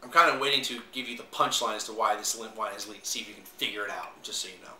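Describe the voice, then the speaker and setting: A man's voice: on the low side, steady tone, fast talker, bright, forceful tone, far from the mic, a little hiss or hum. A man giving a casual wine review on video, rambling with plenty of fillers and trying out different pronunciations. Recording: echoey room, voice away from mic.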